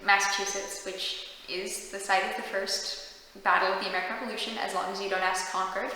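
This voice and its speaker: Bright young woman in an echoey hall. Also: medium pitch, flat delivery, brisk. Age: young adult. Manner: chatty and enthusiastic, with frequent fillers. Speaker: historical reenactor guest. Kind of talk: casual interview answers. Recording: very echoey room with long reverb and faint noise.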